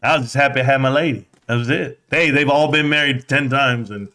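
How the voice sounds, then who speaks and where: A man's voice: mid-range voice, fairly quick, sharp tone. A man hosting a live stream, reading viewer comments aloud and chatting casually in a rambling, joking way. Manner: reads chat aloud, rambling and jokey.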